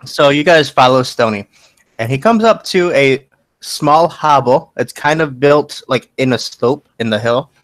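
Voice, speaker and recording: Man as game master, lively swinging voice, dry close sound. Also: mid-range voice, a little slow, no echo, low-quality recording. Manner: animated, playful narration with laughs. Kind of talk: narrating a tabletop game.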